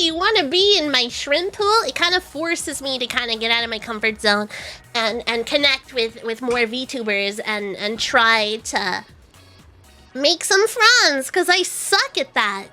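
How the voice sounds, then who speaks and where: A woman's voice: high-pitched, lively intonation, moderate pace, bright, forceful tone, soft background music. A young woman VTuber streamer chatting casually, rambling and self-deprecating, often giggling.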